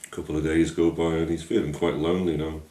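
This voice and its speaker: A man telling a folk tale in a lively, homely storytelling way. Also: a bass voice, fast talker. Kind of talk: storytelling narration. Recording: echoey room, distant mic.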